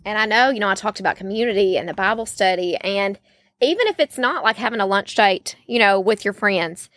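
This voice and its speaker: A woman's voice: medium pitch, brisk, a bit bright, dry recording. A woman, hosting a faith-based podcast in a chatty, folksy way with many fillers. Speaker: podcast host.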